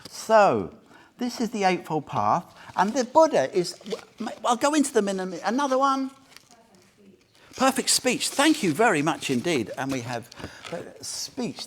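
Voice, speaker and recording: Lively, jokey male dharma teacher. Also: a little high, a little hiss or hum. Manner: chatty, jokey, asks the group questions. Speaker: Buddhist teacher. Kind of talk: informal dharma talk to a small group. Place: meditation centre room.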